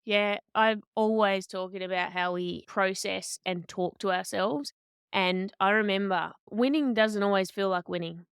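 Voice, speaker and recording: A woman, a boxer and coach telling stories as a podcast guest, candid and animated, often restarting her sentences. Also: mid-range voice, measured pace, clear, resonant tone, dry recording, studio quality. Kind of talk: conversational storytelling.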